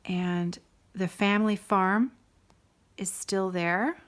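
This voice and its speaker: A woman's voice: mid-range voice, steady tone, takes it slowly. A middle-aged woman hosting a casual stitching video, chatting to viewers in a rambling, enthusiastic way full of sidebars. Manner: warm and enthusiastic. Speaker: host of a stitching video show.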